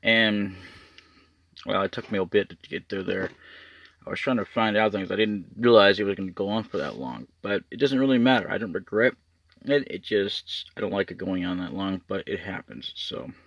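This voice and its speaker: A man's voice: low-pitched, normal speed, creaky, dry recording. A man giving a casual, rambling update to his channel's viewers, restarting sentences often. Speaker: YouTuber.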